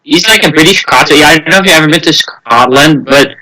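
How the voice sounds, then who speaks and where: A man's voice: on the high side, quick pace, sharp tone, poor audio. A young man co-hosting a casual podcast, rambling loosely and acting out little scenes with silly voices. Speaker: podcast co-host.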